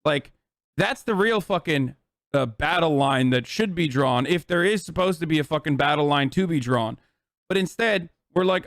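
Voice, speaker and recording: A man's voice: on the high side, moderate pace, no echo, clean studio sound. A man in his thirties streaming, ranting heatedly about politics to his chat, emphatic, profane and repetitive.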